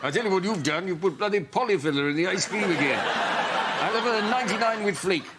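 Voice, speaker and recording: A man putting on a grumpy old royal consort, blunt and rude, who blusters and barks impatiently. His voice sits a little high, and the recording is full of noise. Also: animated, brisk. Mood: blustering. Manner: blustering, impatient, shouting at sellers.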